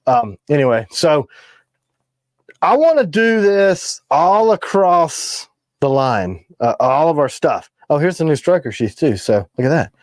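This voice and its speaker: A man hosts a relaxed knife livestream, rambling from one thought to the next and cracking jokes as he goes. His voice sits a little high for a man, and the sound is dry and close, with no room echo. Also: measured pace. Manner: rambling, jokey, trails off mid-sentence. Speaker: knife maker and livestream host. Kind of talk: casual livestream chat.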